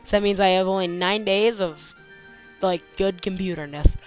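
A young man giving gameplay commentary, tired and yawning, complaining one moment and yelping with excitement the next. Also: high-pitched, normal speed, clean tone. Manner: excitable, complaining, with sudden yelps. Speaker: let's play host. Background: faint game music.

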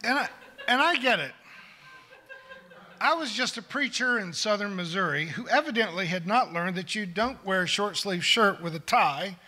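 A man's voice: sits high, animated, normal speed, pushed and bright, slight background noise. A man in his sixties, a pastor delivering a sermon to his congregation in an earnest manner that builds to emphatic declarations. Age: 60s. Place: church sanctuary.

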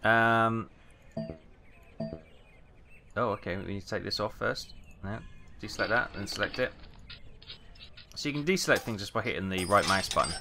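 A man's voice: lowish voice, moderate pace, long pauses, over music. A Welsh man casually chatting and muttering through a simulator game as he plays, with a run of British exclamations. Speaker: gaming video host. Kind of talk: casual let's play commentary.

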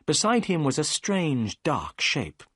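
A man narrating a story in a clear, measured way for English learners. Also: fairly high pitch, huge pitch swings, a bit bright, no room sound, clean studio sound.

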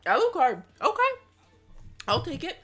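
A woman reacting to a game trailer as a YouTuber, gushing and excitable, with loud exclamations and jokey asides. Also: sits high, unhurried, faint music behind.

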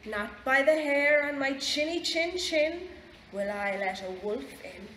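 A woman with an Irish accent voicing a rude little male pig who shouts and drags out his threats, in a storybook reading. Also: mid-range voice, takes it slowly, distant mic, a little hiss or hum, natural voice. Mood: rude shouting. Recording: echoey library room.

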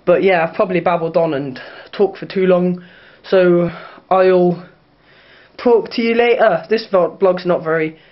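A man's voice: high-pitched, unhurried. Drunk young man, slurred and boastful, talking to his camera on muffled lo-fi audio. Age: young adult. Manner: slurred boastful slang-heavy rambling. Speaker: vlogger. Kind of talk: casual drunk vlog.

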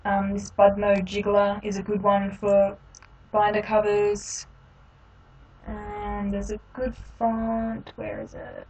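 Woman walking through a software tutorial. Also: mid-range voice, slow, far from the mic, noisy background. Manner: relaxed, explains each click with frequent ums. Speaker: tutorial host.

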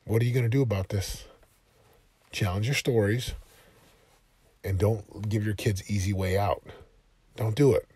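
A man delivers a motivational monologue with a husky, slightly breathy voice. He hammers his points home with emphatic repetition. The recording is dry and close, with no room sound. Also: fairly low pitch, fairly even intonation, normal speed, pauses often, darkish tone, no echo. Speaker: motivational podcast host.

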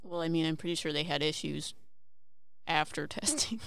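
A woman's voice: sits low, normal speed, vocal fry, fairly bright tone, dry recording. A woman co-hosting a casual podcast, chiming in with short, dry remarks. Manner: dry, brief interjections, laughing along. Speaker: podcast co-host.

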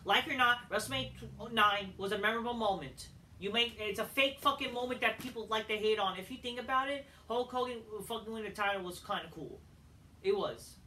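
A man's voice: high-pitched, fairly quick, bright, forceful tone, distant mic, slight background noise. A man reviewing a wrestling show in a heated, profanity-laden rant.

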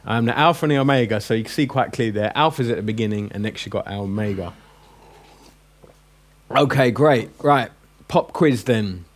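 Chatty man teaching a class. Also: on the low side. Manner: chatty and joking, drills letters slowly. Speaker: Greek teacher. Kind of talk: classroom lesson. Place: classroom with a group.

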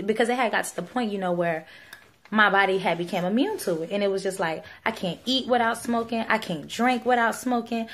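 A woman's voice: mid-range voice, brisk, slight background noise. Pleading young woman. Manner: pleading, earnest, many fillers. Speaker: vlogger sharing a religious testimony. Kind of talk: casual personal testimony.

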